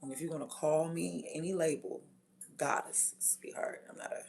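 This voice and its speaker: Gravelly, blunt DC-woman streamer. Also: low voice, fairly even intonation, moderate pace. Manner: blunt, profane, drops from loud to near-whispered asides. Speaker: livestreamer. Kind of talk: casual livestream chat.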